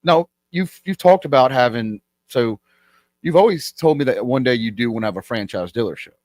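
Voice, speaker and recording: A man's voice: medium pitch, animated, moderate pace, a little mellow, no room sound. A man hosting a podcast, asking short, prompting questions in a casual chat. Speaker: podcast host.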